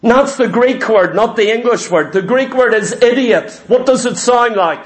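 A man preaching a sermon, with an emphatic, repetitive cadence and drawn-out, stressed words. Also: very high voice.

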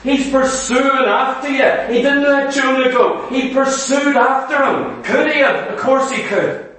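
A man's voice: very high-pitched, fairly even intonation, a little slow, fairly bright tone, distant mic. A man preaching a sermon, earnestly putting questions to the congregation. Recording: echoey hall, voice away from the mic.

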